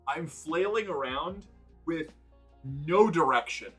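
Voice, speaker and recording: A man from New England chats loosely on a stream, full of "like" and false starts as he drifts between topics. His voice is bright and forceful at a middle pitch, with faint music playing behind him. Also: animated, slow, slightly rough. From New England, United States. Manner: rambling, many fillers and restarts. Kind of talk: casual stream chat, reading chat aloud. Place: indoors, sitting on the floor.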